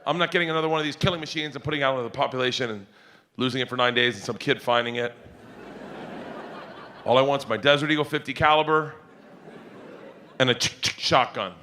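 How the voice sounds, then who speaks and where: A middle-aged man telling wild comic stories in a loud, rowdy way, often laughing and acting out other people's voices. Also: mid-range voice, fast, pauses often, slight background noise. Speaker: comedian. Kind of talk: stand-up and podcast storytelling.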